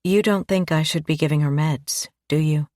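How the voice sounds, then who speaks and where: A woman doing a sharp, scolding anxious mother. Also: low voice, moderate pace, dry recording, studio quality, natural voice. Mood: worried.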